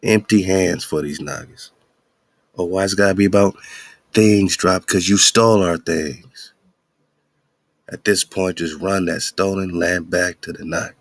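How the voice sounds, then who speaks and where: Male radio host, very low voice, preachy slangy rants, dry recording. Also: steady tone, unhurried, no echo. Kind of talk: casual commentary.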